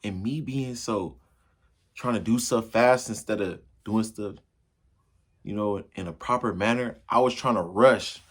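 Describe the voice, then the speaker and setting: A man telling a funny personal story to his viewers in a casual, slangy way, acting out the crashes and his own yells. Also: fairly low pitch, measured pace. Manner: animated, acts out yells and crashes.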